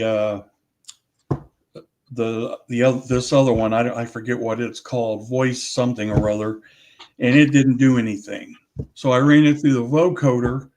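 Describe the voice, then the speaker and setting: A man's voice: mid-range voice, a little mellow. An older man talking casually as an interview guest, rambling with many restarts and self-corrections as he recalls his audio work.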